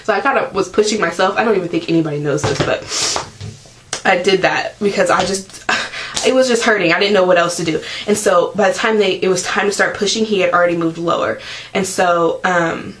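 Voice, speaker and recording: A woman's voice: fairly low pitch, fairly bright tone, slight background noise, low-quality recording. Chatty young woman vlogger. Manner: chatty, fills every pause with "like"; acts out her own screaming quotes. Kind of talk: casual storytelling to camera.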